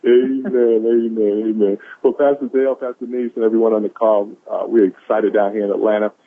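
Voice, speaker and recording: On a conference call, a caller sharing quotes of the day preaches motivation with enthusiasm, repeating lines for emphasis. He speaks briskly in a lowish, level tone, with no echo, on a tinny phone line.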